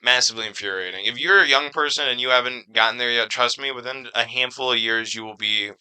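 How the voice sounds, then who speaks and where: A young man co-hosting a podcast, telling stories in a casual, animated way with plenty of swearing. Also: mid-range voice, fast talker, clear, resonant tone, low-quality recording. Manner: animated, profane storytelling. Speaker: podcast co-host. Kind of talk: casual chat.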